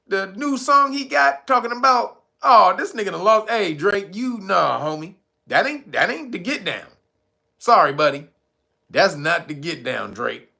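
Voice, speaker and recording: A man's voice: high voice, vocal fry, bright, forceful tone. A livestream host reading out his chat, laughing constantly, loose and profane.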